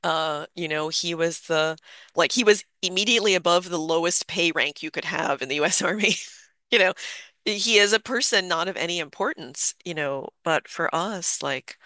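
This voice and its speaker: An adult in their fifties telling a personal memory in a halting, reflective way, full of fillers and restarts. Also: medium pitch, sharp tone, no echo. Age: 50s.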